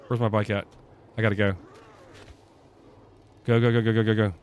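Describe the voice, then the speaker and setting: Low-voiced male streamer, swearing and panicky. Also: little pitch movement, normal speed, clean tone. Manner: profane, panicky, talks to chat. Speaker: gaming streamer. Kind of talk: live gameplay commentary. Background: faint game music.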